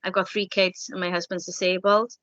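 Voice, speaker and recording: A woman in her thirties from Wales, speaking softly in an interview about a loss, with many fillers and an emotional tone. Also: on the low side, level tone, a little fast, no room sound. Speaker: bereaved interviewee. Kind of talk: personal interview, recalling a loss. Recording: dull lo-fi sound, dry.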